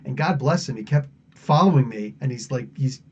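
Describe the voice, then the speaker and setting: A man's voice: mid-range voice, lively intonation, moderate pace, breathy edge. A man from the United States hosting a podcast, chatting casually in a rambling way and laughing often. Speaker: podcast host. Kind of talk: casual live Q&A chat. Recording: dull lo-fi audio.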